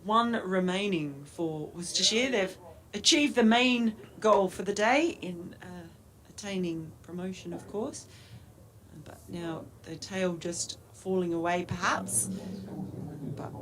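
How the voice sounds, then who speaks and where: A woman calls a cricket match live from the commentary box, describing each ball and chatting between deliveries. Her voice sits a little low for a woman, and she talks easily and laughs readily. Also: slow, fairly bright tone.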